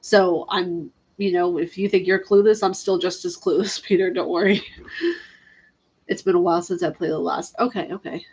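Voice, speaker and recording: A woman's voice: lowish voice, steady tone, moderate pace, darkish tone, husky. Giggly woman chatting on a game stream. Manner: chatty, giggly, reads chat aloud. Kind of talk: casual live-stream chat about games.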